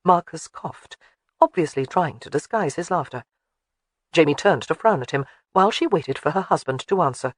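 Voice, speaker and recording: Expressive audiobook narrator. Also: mid-range voice, moderate pace, breathy edge, no echo, studio quality. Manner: expressive storytelling. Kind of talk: scripted narration of a historical romance.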